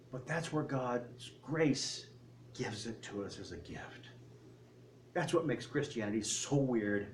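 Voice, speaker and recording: A man preaching a sermon, swinging between loud, high peaks and low, quiet asides. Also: lively intonation, normal speed, slight background noise.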